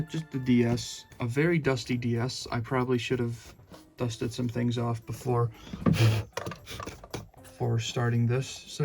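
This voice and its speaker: A man's voice: medium pitch, gravelly, darkish tone. A young man with a Southern accent giving a casual, rambling room tour in his bedroom, full of fillers and restarts.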